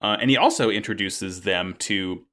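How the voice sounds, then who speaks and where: A man's voice: low-pitched, normal speed, sharp tone. A man co-hosting a podcast, chatting casually about an anime episode, laughing often and acting out characters' lines. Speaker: podcast co-host. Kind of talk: casual chat recapping an anime.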